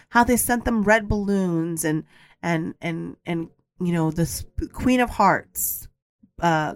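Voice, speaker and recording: A woman hosting a podcast, telling a personal story in a candid, emphatic way, repeating her points and sometimes swearing. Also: medium pitch. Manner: blunt, occasionally swears. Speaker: podcast host.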